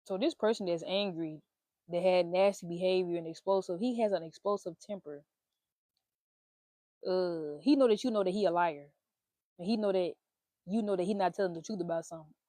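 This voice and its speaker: Animated, blunt woman with a mellow voice. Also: fairly low pitch, fairly quick, long pauses, no room sound. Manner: animated, swearing, playful exclamations. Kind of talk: casual spiritual reading monologue.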